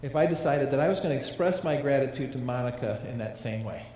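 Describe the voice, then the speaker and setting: A man's voice: medium pitch, lively intonation, fast talker, mellow, slight background noise. A man preaching a sermon in a conversational way, asking his congregation questions as he goes. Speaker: pastor. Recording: echoey hall with long reverb.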